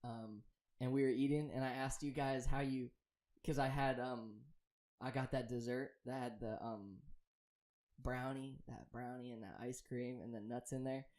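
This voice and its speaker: A man's voice: mid-range voice, steady tone, normal speed, a little mellow. A man co-hosting a podcast, talking in a laid-back, slangy way with lots of fillers. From Florida. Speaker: podcast co-host. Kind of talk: casual chat.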